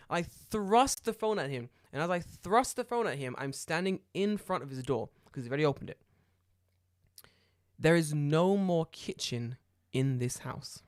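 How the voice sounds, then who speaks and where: A man, a podcast co-host telling a story in casual chat, animated and profane, acting out the dialogue loudly. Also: on the high side, moderate pace, dry recording, studio quality.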